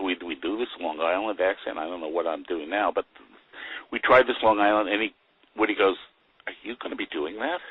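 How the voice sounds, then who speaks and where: An older man, a guest actor in a casual interview, tells anecdotes with chuckles and gives lively voices to the people he quotes. His voice is husky and on the low side. The audio is narrow and tinny, with no room sound.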